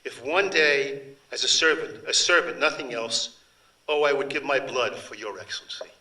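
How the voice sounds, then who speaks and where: A man's voice: mid-range voice, normal speed, sharp tone, far from the mic, poor audio. A man reading aloud, voicing a devout young peasant woman who pleads emotionally with her master. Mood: imploring. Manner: emotional, imploring.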